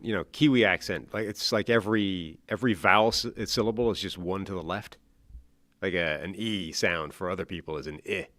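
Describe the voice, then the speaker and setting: A man's voice: low-pitched, fairly bright tone, no echo. A man co-hosting a casual sports talk show in a studio, thinking aloud with frequent restarts and fillers. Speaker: podcast co-host.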